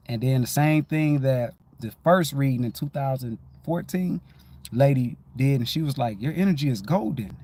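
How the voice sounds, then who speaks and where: Man, middle-aged, rambling livestream talk, laid-back, average pitch. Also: dark tone, a little hiss or hum. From Detroit, USA. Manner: rambling, keeps repeating "you know what I'm saying"; laid-back, loose and conversational. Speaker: livestream host. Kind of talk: casual spiritual livestream monologue.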